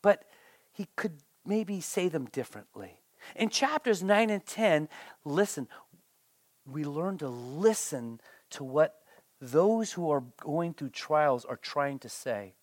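A pastor preaching a sermon in an animated way, often repeating words and briefly acting out the people quoted. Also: medium pitch, takes it slowly, no echo.

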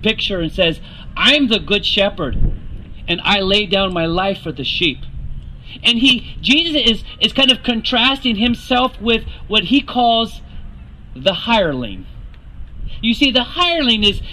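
A man's voice: sits high, pushed and bright, slight background noise, poor audio. A man preaching a sermon, earnest and rising to emphatic questions to the congregation.

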